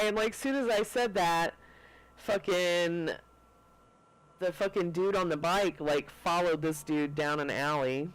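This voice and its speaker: A man's voice: sits high, clean tone, rough recording. A man co-hosting a podcast, chatting casually and telling laid-back stories full of swearing. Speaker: podcast co-host. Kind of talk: casual chat.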